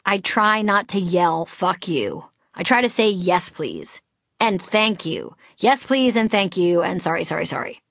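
A woman's voice: fairly high pitch, no room sound, clean studio sound. A middle-aged woman from Boston reading her own memoir aloud, candid and wry with comic timing. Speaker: author narrating her memoir.

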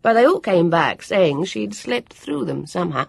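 A woman reading aloud, voicing a clever boy who explains his plans in a brisk, lordly way. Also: fairly low pitch, very animated, creaky, breathy edge, no echo, clean studio sound, pitched above the performer's own voice, heavily acted.

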